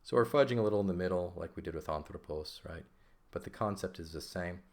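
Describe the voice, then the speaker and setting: Low-voiced man teaching patiently. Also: quick pace. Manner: patient, checks in with frequent "okay?" and "right?". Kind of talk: classroom explanation of a textbook.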